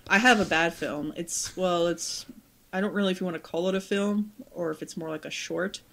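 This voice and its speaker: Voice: medium pitch, moderate pace, creaky, fairly bright tone, slight background noise. A podcast host who chats casually and enthusiastically, enunciating every word. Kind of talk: casual chat.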